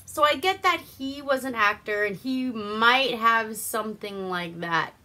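A woman's voice: fairly high pitch, unhurried, pushed and bright. A woman from Alaska hosting a casual, profane movie review, laughing often and acting out characters' lines. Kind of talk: casual movie recap with swearing.

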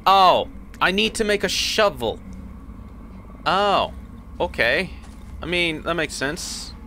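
A man's voice: a little high, expressive, slow, bright, forceful tone, a little hiss or hum. A man hosting a gaming channel, giving casual let's-play commentary, chatty and swearing as he reacts to the game.

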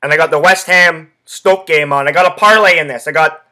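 Telling rambling, expletive-heavy stories stuffed with fillers, a young man hosts an easygoing sports podcast. He speaks a bit fast in a bright, forceful voice pitched a little high for a male.

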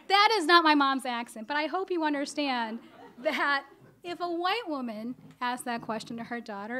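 Woman, high voice, live storytelling, animated, acts out dialogue. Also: normal speed.

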